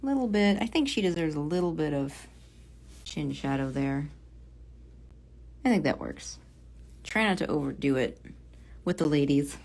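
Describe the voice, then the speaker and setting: Young woman, comic artist, casual stream chatter, lowish voice, murmurs to herself while drawing. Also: lively intonation, normal speed, pauses often. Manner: chatty, mutters softly to herself while working, reads viewer comments aloud.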